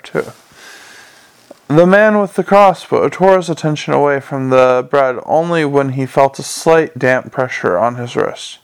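A man narrating an audiobook in a dry, measured storytelling manner. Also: fairly high pitch, creaky, smooth.

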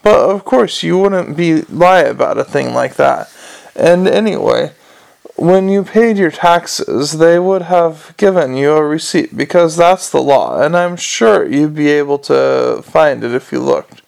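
A man's voice: a little high, expressive, unhurried, gravelly, darkish tone, heavily acted. A man voicing an earnest, politely pedantic young male watchman in a storybook reading. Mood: earnestly polite.

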